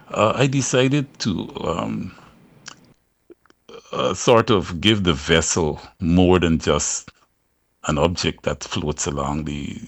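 A man, a songwriter guest, talking slowly from home on a call, with many pauses and fillers. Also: very deep voice, gravelly. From Guyana. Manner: slow, halting, many fillers. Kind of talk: remote interview. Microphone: phone or video call from home.

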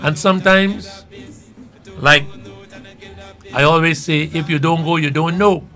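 A man comments on the news in a bright, forward voice, a little higher than most men. He talks in a measured, rambling way and thinks aloud over faint background music. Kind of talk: talk show commentary.

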